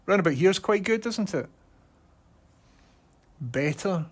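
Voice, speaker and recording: Chatty Scottish man, slightly high voice. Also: slow pace. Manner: chatty and excitable, talking straight to viewers. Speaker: live streamer. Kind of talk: casual live-stream chat. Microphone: phone mounted on his head.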